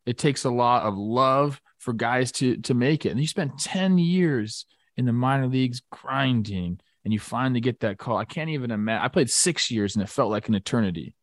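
A man who used to play pro baseball, talking sports in a relaxed, halting way. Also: mid-range voice, no echo, clean studio sound. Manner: relaxed, halting, many restarts. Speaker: former baseball player, show guest. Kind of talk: casual sports talk.

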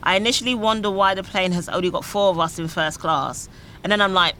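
A woman's voice: mid-range voice, a little fast, sharp tone, slight background noise. A young woman, a comedian, telling a dramatic story in a playful way on a panel show.

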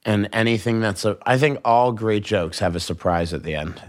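A comedian, a man, chatting as a podcast guest and telling jokes in an animated way with quick asides. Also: lowish voice. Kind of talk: casual podcast conversation.

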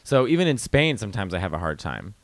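A man chatting casually as a guest, telling lively stories and dropping in Italian phrases. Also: on the low side, fast talker, no room sound. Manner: animated storyteller, slips into Italian phrases. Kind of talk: casual podcast chat.

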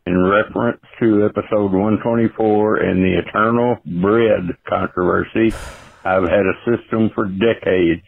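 A man's voice: lowish voice, fairly even intonation, a little slow, gravelly. An older man with a Texan accent leaving a blunt, folksy call-in voicemail. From Texas. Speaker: caller. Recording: phone line.

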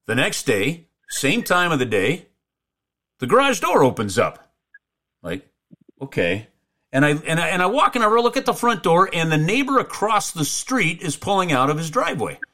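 Lively rambling storyteller man. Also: fairly high pitch. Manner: lively, rambling, with frequent restarts and asides. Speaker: podcast co-host, hockey play-by-play announcer. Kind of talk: casual storytelling.

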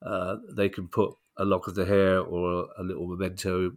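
A man's voice: low voice, completely flat delivery, moderate pace. A middle-aged man co-hosting a podcast, bunged up with a cold, talking in a wry, teasing way. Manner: wry, teasing, laughs easily. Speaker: podcast co-host. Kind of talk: casual podcast chat.

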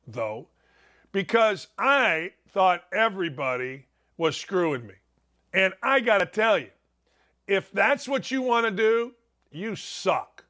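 An older man hosting a talk show in a high, bright voice. He rants bluntly and combatively, firing off opinions in a monologue. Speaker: sports talk show host.

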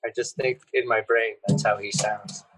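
A man's voice: lowish voice, steady tone, moderate pace, fairly bright tone, slight background noise, low-quality recording. Loose, foul-mouthed man chatting. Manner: loose, profane, laughing. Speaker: podcast guest. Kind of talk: casual chat.

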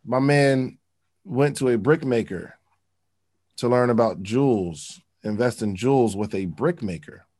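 A man's voice: medium pitch, unhurried, a little mellow. A man reading passages from a book aloud and breaking in with slangy, casual comments to explain them. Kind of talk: casual teaching talk.

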